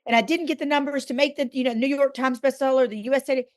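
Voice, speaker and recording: A woman's voice: sits high, steady tone, fast. A middle-aged woman, a guest author on a podcast, telling a candid personal faith story with earnest emphasis.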